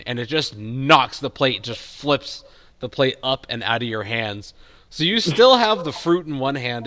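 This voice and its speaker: Young man, game master, casual rambling narration, lively intonation, mid-pitched.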